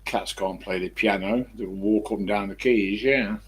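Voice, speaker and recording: This time his voice is on the low side, steady, fairly bright, and slightly rough, at a moderate pace. The East Midlands-accented Englishman chats casually to his live-stream viewers from home, rambling through anecdotes at a desk microphone he leans away from.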